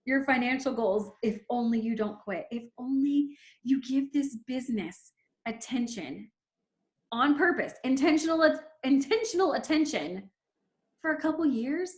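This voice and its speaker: Woman, team leader, emphatic pep talk, higher voice, echoey room. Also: animated, measured pace. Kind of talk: motivational team call.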